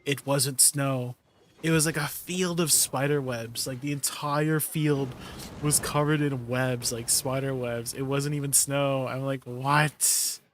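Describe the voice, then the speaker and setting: A man's voice: mid-range voice, steady tone, unhurried, a little hiss or hum. A man streaming live and chatting casually with his viewers, laid-back and laughing often. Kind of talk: casual livestream chat with viewers.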